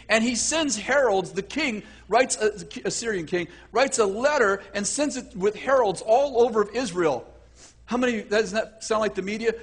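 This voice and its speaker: A male preacher giving a lively sermon, acting out voices and often restarting his sentences. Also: very high-pitched. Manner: animated, acts out voices, self-correcting.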